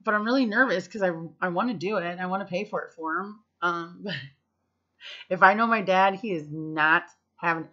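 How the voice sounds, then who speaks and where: Chatty, bright-voiced woman vlogger. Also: lowish voice, moderate pace. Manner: chatty, profane, full of fillers. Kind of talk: casual storytelling to camera. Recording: slightly muffled lo-fi recording.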